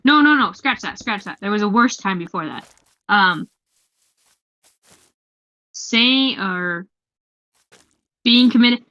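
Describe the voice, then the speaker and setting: A young woman hosting a casual gaming chat, telling a story in an animated, giggly way. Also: mid-range voice, slow pace, long pauses, no echo. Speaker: host. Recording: lo-fi muffled mic.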